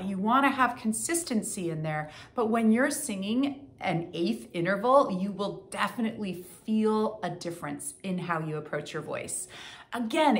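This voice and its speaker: A woman voice coach teaching a singing lesson, counting in and demonstrating warm-ups in an encouraging way. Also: medium pitch. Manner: encouraging, counts in and sings along.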